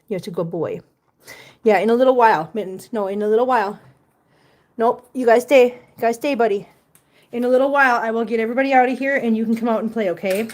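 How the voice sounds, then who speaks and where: A woman's voice: mid-range voice, darkish tone. A woman chatting casually at home, talking doting baby talk to her cats and chatty asides to her viewers. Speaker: cat owner vlogger. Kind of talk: casual chat to pets and viewers.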